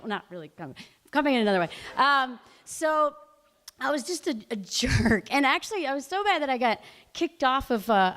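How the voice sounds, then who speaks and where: A woman in her late thirties telling a personal story live, chatty and full of "like" fillers, laughing through it. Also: medium pitch. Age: late 30s.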